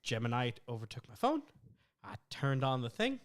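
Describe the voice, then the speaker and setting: A young man co-hosting a podcast in casual chat, animated and swearing as he acts out arguments with his phone. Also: mid-range voice, normal speed. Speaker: podcast co-host.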